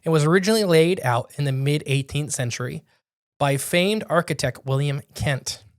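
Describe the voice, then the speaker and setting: His voice is on the high side and his speed is normal as he casually recounts a spooky tale for a podcast he co-hosts. The young man rambles, repeatedly backing up to restart or fix what he just said.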